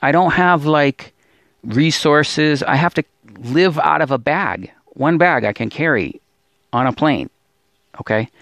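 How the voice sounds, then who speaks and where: On a muffled, dry recording, a man with a fairly bright, animated voice on the high side talks a little slowly. He is a Bible teacher running a religious channel, delivering a discouraged, pleading monologue marked by stammering restarts and repeated appeals.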